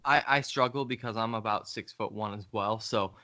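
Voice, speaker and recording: Guy with a low but bright voice, blunt casual chat. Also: normal speed. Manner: blunt, swears freely.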